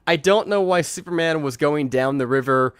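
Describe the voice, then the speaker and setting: A man's voice: a little high, moderate pace, clear, resonant tone, dry recording, clean studio sound. A man hosting a live movie review stream, chatting casually, rambling and swearing as he acts out lines from scenes. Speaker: host. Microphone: remote streaming mic.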